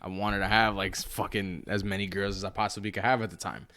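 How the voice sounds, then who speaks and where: A man's voice: fairly low pitch, level tone, fairly quick, sharp tone, no echo. A man in his twenties co-hosting a podcast, loose and profane and laughing often as he tells stories. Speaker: podcast co-host. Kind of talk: casual podcast banter.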